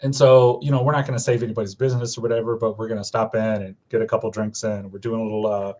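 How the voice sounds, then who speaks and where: A man's voice: on the low side, level tone, rapid-fire, a little mellow. A man in casual chat announcing supporter events, rambling with many fillers and self-corrections. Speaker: supporters group organizer.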